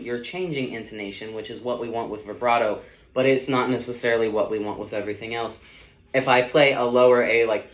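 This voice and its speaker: A young man talks through a saxophone lesson in a loose, casual way, often stopping for fillers. His mid-range voice rings in a roomy, echoing space, with saxophone notes heard between his sentences. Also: medium pitch. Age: young adult. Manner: casual, loose explanations with fillers like "you know" and "um". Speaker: music student teaching saxophone. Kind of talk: instructional demonstration. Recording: roomy echo with saxophone playing. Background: saxophone notes between phrases.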